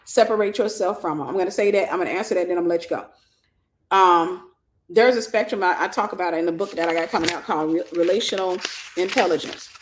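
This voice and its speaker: A woman's voice: on the low side, fast, a little hiss or hum. A woman hosting a faith-based livestream, teaching conversationally, quoting scripture and thinking aloud as she explains. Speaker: ministry host and mentor. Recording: roomy echo.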